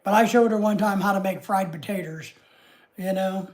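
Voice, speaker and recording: A woman's voice: mid-range voice, moderate pace, a little mellow. Chatty woman with a Southern US drawl. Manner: rambling and homey, chatting easily with frequent asides. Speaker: livestream host. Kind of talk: casual livestream chat with viewers.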